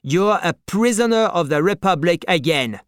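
A man reading a story and voicing a blunt, commanding male guard who speaks louder and a little higher than the narration. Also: expressive, moderate pace, smooth, no room sound, clean studio sound. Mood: curt. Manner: curt and commanding. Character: rough revolutionary male guard, blunt and firm.

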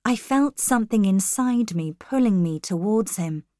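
A woman narrating a storybook in the first person, reading clearly and carefully. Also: medium pitch, animated, unhurried, mellow, dry recording, clean studio sound. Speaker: audiobook narrator.

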